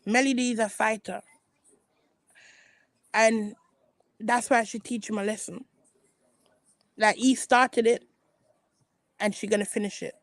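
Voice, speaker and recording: A woman's voice: fairly high pitch, fairly even intonation, measured pace, long pauses, no echo. A woman giving casual opinion commentary as a vlogger, talking emphatically and repeating herself with restarts. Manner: emphatic and repetitive, with frequent restarts.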